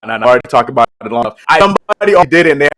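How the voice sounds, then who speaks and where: A man's voice: mid-range voice, lively intonation, very fast, a bit bright. A young man co-hosting a casual sports chat show, laughing through his sentences as he talks. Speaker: co-host.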